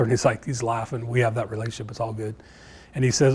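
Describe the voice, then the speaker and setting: A middle-aged man teaches a live sales class, telling candid stories from his own work. He often repeats words and restarts as he talks to the room. His voice sits at an ordinary mid pitch. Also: level tone, quick pace, darkish tone, slightly rough. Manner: candid, storytelling, repeats himself. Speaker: real estate trainer. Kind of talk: live sales training talk. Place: classroom before a live audience.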